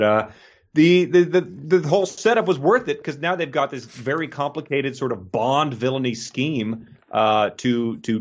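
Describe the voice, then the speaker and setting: A man's voice: medium pitch, lo-fi sound. A man co-hosting a podcast, chatting casually about a book, laid-back and laughing often. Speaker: podcast co-host.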